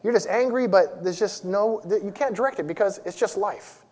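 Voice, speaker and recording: A man's voice: high-pitched, normal speed, a little mellow. Storytelling male preacher in a big hall. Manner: conversational storytelling with self-deprecating humor. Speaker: church elder preaching. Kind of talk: sermon. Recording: long reverb of a large hall.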